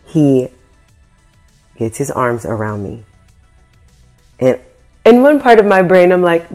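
Animated slangy woman telling stories. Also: deep voice, a little slow, pauses often, soft background music. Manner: animated, slangy storyteller who swears and acts out quotes. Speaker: vlogger. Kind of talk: casual storytelling to camera.

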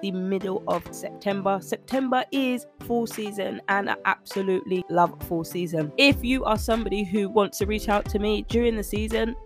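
A woman's voice: mid-range voice, normal speed, hardly any pauses, over music. A woman hosting her own nutrition coaching podcast, talking chattily and animatedly to her listeners and laughing often. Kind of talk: casual solo podcast monologue.

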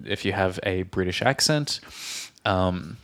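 A man co-hosting a podcast, explaining English phrases through examples in casual chat. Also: deep voice. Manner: animated, explains slowly with examples. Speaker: podcast co-host.

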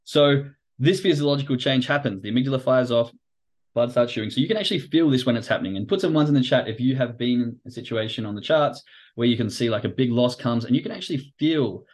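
A man's voice: mid-range voice, fast. Casual man explaining trading psychology. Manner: casual, animated, acts out quoted reactions; swears casually. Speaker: podcast host and trading coach. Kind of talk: livestream explainer talk.

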